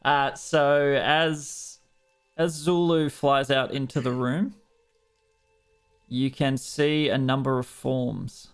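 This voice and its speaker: Gravelly Australian game master. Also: male voice, medium pitch. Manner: casual, hesitant with many fillers. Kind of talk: running a tabletop game.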